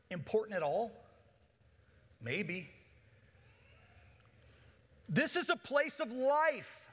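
A man's voice: high voice, sing-song, drawn-out words, pauses often, fairly bright tone. A man preaching a sermon to his congregation, joking and asking them to join in. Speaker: pastor. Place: church auditorium. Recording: long church hall reverb.

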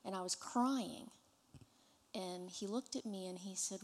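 An earnest woman stands before a church congregation to share her personal testimony. She tells her story in an unhurried way, and her voice has a gravelly, fry-edged texture. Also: mid-range voice, big-room sound. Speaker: church member giving testimony.

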